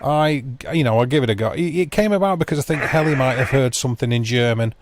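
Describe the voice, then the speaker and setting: A medium-pitched man speaks fast as he hosts a livestream, casually rambling with viewers and naming them. His humour is dry and self-deprecating. Loud background noise runs under the recording.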